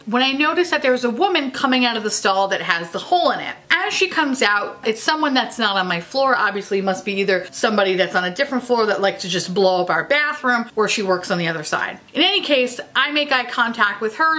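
A woman with a bright, rather high voice spins a crude comic story for her viewers. She swears freely, laughs through her lines and throws in dramatic asides as she goes. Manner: profane, animated, breaks into laughter. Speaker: beauty vlogger.

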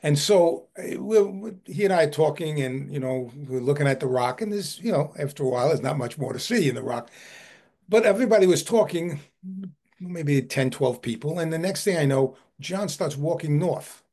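A man who heads a historical society gives a video-call book talk. He tells an animated anecdote and often repeats his words. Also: on the high side, normal speed. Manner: animated, repeats words while telling a story.

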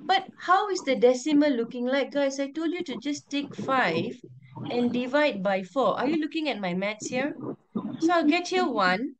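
A woman's voice: a little high, background noise. A woman teacher, teaching an online class over a video call, firmly repeating instructions and calling on pupils by name. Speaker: primary school teacher.

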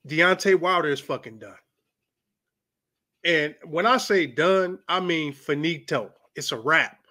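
A man's voice: a little high, animated, unhurried, pushed and bright. A man hosting a boxing commentary vlog, talking bluntly and profanely in a heated rant.

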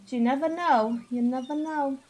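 A woman's voice: high-pitched, moderate pace, darkish tone. A young woman live-streaming a game, chatting playfully with her viewers and reacting to the game with gasps and giggles. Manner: playful and chatty, talking to chat, bursting into gasps and silly sounds. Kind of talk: casual live-stream chat while gaming.

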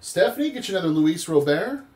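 A man hosting a live card-break stream, chatting casually and wandering into stories. His voice sits a little high for a man and swings up and down with animated energy. He sounds worn out after a long day. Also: normal speed. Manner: chatty, rambling storyteller.

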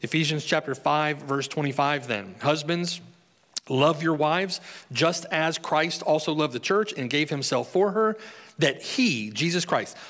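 A man's voice: fairly high pitch, unhurried, fairly bright tone. Preacher man in a reverberant hall. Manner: conversational teaching with questions to the congregation. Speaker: pastor. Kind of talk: sermon. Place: church hall.

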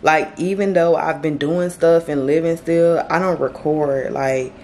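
A woman in her late twenties, a vlogger, talking tearfully and haltingly to camera about her grief, with many fillers and restarts. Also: low voice, fairly even intonation, a little mellow. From Florida, US. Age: late 20s. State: grieving, tearful. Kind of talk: tearful direct-to-camera vlog talk. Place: indoors, on her bed.

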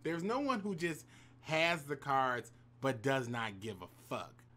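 A man's voice: medium pitch, big pitch swings, a little slow, sharp tone. A man telling a personal story to camera in a casual vlog, slangy and profane, with hype-man asides to the viewers. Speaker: YouTube storyteller.

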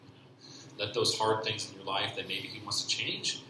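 A man giving a personal faith testimony at church, speaking haltingly with many restarts and repeated fillers. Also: on the low side, little pitch movement, noisy background. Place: church hall. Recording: very echoey church hall.

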